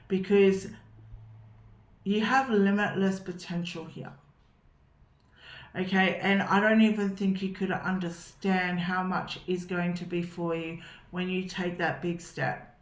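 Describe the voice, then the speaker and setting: Reassuring woman tarot reader, mid-pitched voice, echoey room. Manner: reassuring, repeats "okay?". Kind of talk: encouraging tarot reading to viewers.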